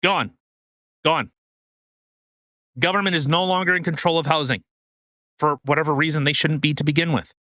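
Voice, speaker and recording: A man's voice: fairly high pitch, fast, no echo. A man co-hosting a podcast, ranting casually and profanely with many restarts. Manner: animated, profane, rambling with restarts. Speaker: podcast co-host. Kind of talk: casual political rant.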